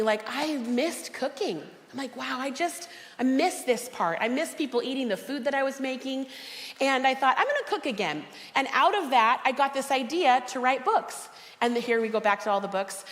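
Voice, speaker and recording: A woman speaker and cookbook author telling personal stories to a conference audience, lively and acting out the voices of people she quotes. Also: a little high. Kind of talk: personal motivational talk to an audience. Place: large conference hall. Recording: long reverb of a large hall.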